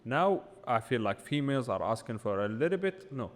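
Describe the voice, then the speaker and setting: A man trading jokes on a podcast before settling into earnest opinions. His pitch swings widely as he argues, and a long reverb tail hangs behind his voice in the room. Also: fairly quick. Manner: joking then earnest, animated opinions. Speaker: co-host. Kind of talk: casual podcast debate.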